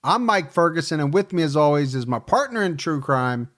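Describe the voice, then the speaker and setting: Male co-host, slightly higher voice, easygoing, reads listener names with banter. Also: big pitch swings, fairly bright tone. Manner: chatty, reads names with quick asides. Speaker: podcast host. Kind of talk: casual chat.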